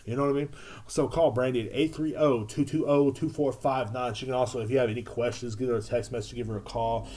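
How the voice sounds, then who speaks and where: A man's voice: mid-range voice, fairly even intonation, brisk, few pauses, warm tone. A man hosting a podcast, reading a sponsor message in a laid-back, slangy, profane way. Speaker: podcast host. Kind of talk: casual sponsor read.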